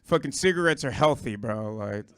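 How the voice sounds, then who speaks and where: A hoarse Puerto Rican-born man doing a rambling, profane stand-up set on a club stage, riffing with the crowd. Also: medium pitch, expressive, moderate pace, a bit bright, dry recording. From Puerto Rico. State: hoarse, lost his voice. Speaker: stand-up comedian.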